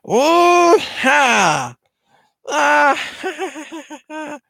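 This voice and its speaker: A man voicing a manic little alien creature with shrill, cackling laughter. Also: very animated, very slow, creaky, sharp tone, dry recording, exaggerated voice. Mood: cackling glee. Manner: gleeful and wild.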